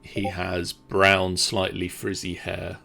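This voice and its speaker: A man narrating as game master in a tabletop game, slow and hesitant with many pauses. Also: low voice, completely flat delivery, vocal fry, pushed and bright.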